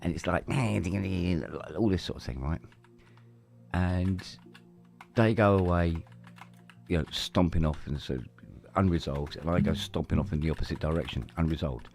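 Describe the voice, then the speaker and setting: A man's voice: sits low, normal speed, vocal fry, darkish tone. A man telling stories in casual podcast conversation, acting out his own anecdotes. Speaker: podcast co-host.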